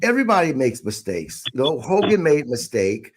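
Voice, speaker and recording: A man's voice: medium pitch, big pitch swings, brisk. A man hosting a casual wrestling podcast, putting questions to his co-hosts. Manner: asks co-hosts questions, reads listener questions. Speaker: podcast host.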